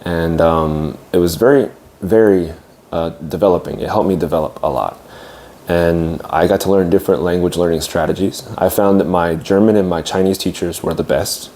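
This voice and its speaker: A young adult man, an English teacher, telling his own story in a casual, reflective way, often pausing with fillers and restarting sentences. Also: deep voice, mellow. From United States.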